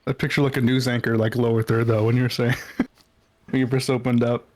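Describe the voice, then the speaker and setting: A relaxed male co-host who answers in short, easygoing bits, his voice sitting at an everyday middle pitch. He sounds unhurried, snacking as he chats into a studio mic. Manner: laid-back, brief replies, eating. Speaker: podcast co-host. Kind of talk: casual podcast chat. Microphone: studio mic with headphones.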